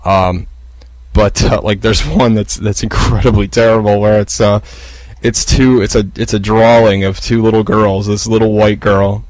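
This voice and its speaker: A man with a lowish voice hosting his own podcast, talking in a loose, profane, rambling way. He trips over restarts and fillers. The sound is close and dry. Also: dry recording, low-quality recording. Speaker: podcast host. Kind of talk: casual solo podcast rant. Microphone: podcast microphone.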